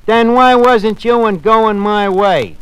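A brash wisecracking tavern manager. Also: male voice, sits high, expressive, slow, heavy background noise. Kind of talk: 1940s radio comedy acting. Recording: old radio broadcast with live audience.

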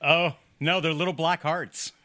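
A man's voice: on the high side, fairly even intonation, measured pace, bright, forceful tone. A man co-hosting a podcast, joking sarcastically in a casual movie recap. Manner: sarcastic, quips and acts out dialogue. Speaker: podcast co-host.

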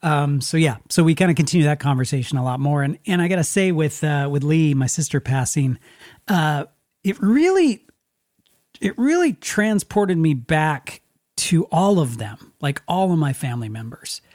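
A man's voice: on the high side, very animated, moderate pace, darkish tone, no room sound, clean studio sound. Man from Spokane, rambling storyteller. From Spokane, USA. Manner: rambling, frequent restarts, acts out quotes. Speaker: podcast host. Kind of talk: casual storytelling chat.

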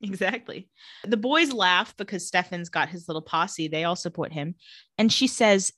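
Recorded in clean studio sound with no room tone, this podcast co-host is a young adult woman with a low-leaning voice. She chats casually through a TV episode recap, animatedly performing the characters' lines in quick voices.

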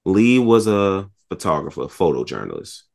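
A man chatting casually about a movie, retelling scenes with animated voices and lots of swearing. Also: sits low, moderate pace, creaky. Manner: animated storytelling, acts out scenes, swears a lot. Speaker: podcast co-host.

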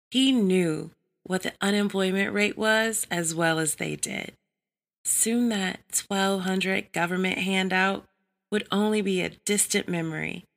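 A woman narrating an adult story in a measured, even reading style. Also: lowish voice, vocal fry.

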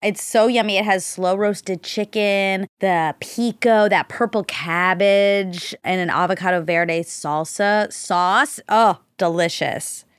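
A woman co-hosting a podcast, chatting casually with quick, playful interjections. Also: medium pitch, clean tone, no room sound, clean studio sound. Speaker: podcast co-host. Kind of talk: casual chat.

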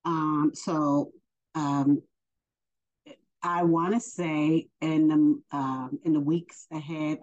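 Woman, deep voice, mellow tone, unhurried faith lesson, dull lo-fi sound. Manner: unhurried, hesitant, many fillers. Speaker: faith teacher. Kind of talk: casual spoken religious lesson. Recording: dull lo-fi recording.

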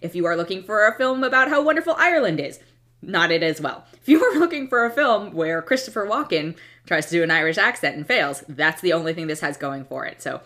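A woman with a fairly low voice that swings widely in pitch as she talks. She reviews films in a blunt, exasperated, opinionated way, breaking off and restarting her sentences as she goes. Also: lively intonation, fairly quick, fairly bright tone. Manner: restarts and trails off mid-thought. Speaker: film reviewer. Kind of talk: casual movie review monologue.

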